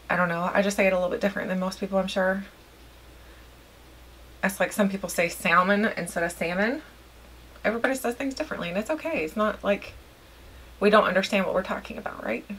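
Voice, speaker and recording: A woman's voice: fairly low pitch, a bit bright, slight background noise. Chatty woman doing her makeup. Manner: chatty, rambling, self-deprecating. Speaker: beauty vlogger. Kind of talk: casual get-ready-with-me chat.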